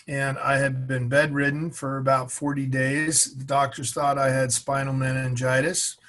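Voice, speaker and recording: A man from Massachusetts, a podcast guest, telling an animated personal story and acting out the voices of the people in it. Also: medium pitch, moderate pace. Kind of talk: storytelling interview.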